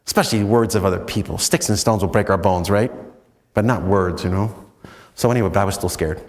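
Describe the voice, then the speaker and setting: An American man, a priest, telling stories in a chatty, self-mocking retreat talk full of "you know"s, and often breaking into animated high swoops. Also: a little fast, big-room sound. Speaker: priest giving a spiritual talk.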